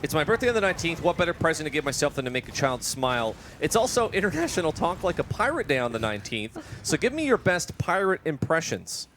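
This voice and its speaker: A man's voice: a little high, sing-song, fast, few pauses, fairly bright tone, slight background noise. A man hosting a charity stream, casually chatting and reading donor messages aloud. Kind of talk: casual chat, reading donations.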